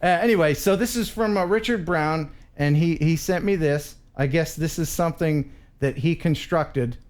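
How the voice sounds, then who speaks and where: A man's voice: a little high, normal speed. A man hosting a casual live stream who laughs often and reads viewer messages aloud. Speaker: host.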